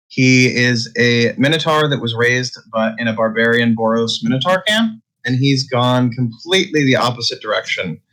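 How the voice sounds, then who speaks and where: A man's voice: medium pitch, fairly bright tone, rough recording. A man introducing himself and his character politely for a tabletop game. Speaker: player. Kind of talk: casual introduction.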